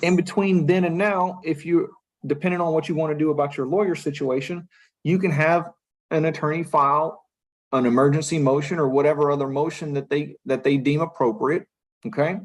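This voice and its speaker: Male judge in a courtroom, a bit high voice, firm but patient, keeps saying listen. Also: steady tone, fairly quick, rough recording. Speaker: magistrate judge. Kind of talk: courtroom first appearance hearing.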